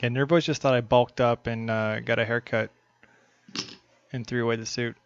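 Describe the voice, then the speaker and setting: A man's voice: medium pitch, steady tone, normal speed, clean tone, dry recording. A man doing casual, joking play-by-play on a live poker stream. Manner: joking, chatty banter. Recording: dull lo-fi stream audio, faint noise.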